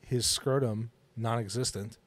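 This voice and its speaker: A man's voice: mid-range voice, fairly even intonation, a little slow. A man in his forties co-hosting a podcast, telling rambling stories in casual chat and laughing often. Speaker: podcast co-host.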